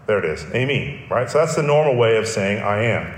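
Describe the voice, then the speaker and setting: A man's voice: mid-range voice, expressive, a little fast, reverberant, a little hiss or hum. A man preaching a sermon, explaining a text in an earnest teaching manner with emphatic repetition. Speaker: pastor.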